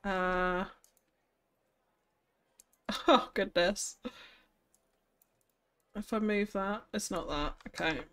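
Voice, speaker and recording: A woman's voice: medium pitch, drawn-out words, long pauses, fairly bright tone, clean tone. A woman streaming a city-building game, chatting casually and thinking aloud, with frequent laughs. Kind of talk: casual live-stream commentary while building.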